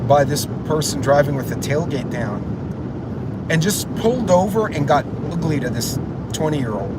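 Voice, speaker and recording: A man hosting a casual live stream, telling a rambling story and greeting chat viewers by name. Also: a little high. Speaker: channel host. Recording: loud traffic and street noise. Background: loud outdoor street and traffic noise.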